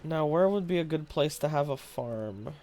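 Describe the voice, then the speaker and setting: A man's voice: a little high, animated, moderate pace, mellow, a little hiss or hum. A man streaming a game live, chatting casually with viewers, musing aloud and laughing often. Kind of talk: casual live-stream chat while gaming.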